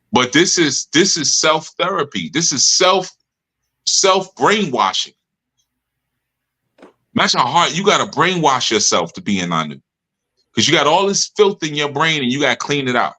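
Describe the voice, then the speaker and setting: Bright-voiced man giving a streetwise lecture. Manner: streetwise, joking, acts out followers' complaints in higher voice. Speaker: spiritual leader of a study group. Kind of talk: live study session talk.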